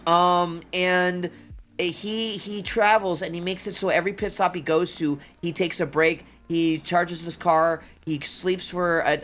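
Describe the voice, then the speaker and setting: A streamer chatting casually and excitedly to viewers, rambling between thoughts and often exclaiming. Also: medium pitch. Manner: excitable, rambling, says "dude" and "oh my God" often. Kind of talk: casual livestream chat.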